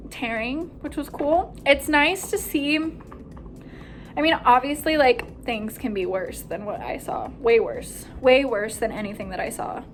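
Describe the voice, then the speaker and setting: A young woman, a nursing student, excitedly retelling a hospital story in a casual vlog, full of "like" and acted-out quotes. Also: fairly high pitch, unhurried, a little hiss or hum. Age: young adult. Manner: animated, breathless retelling with frequent "like" and quoted voices.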